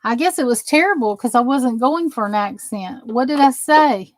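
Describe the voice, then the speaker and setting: A woman's voice: fairly high pitch, lively intonation, normal speed, dry recording, low-quality recording. A woman with a Southern US accent, hosting a crafting channel, demonstrating a die-cutting machine and chatting with live viewers. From American South. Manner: chatty, rambling, reads chat aloud while working. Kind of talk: casual craft demo and live chat.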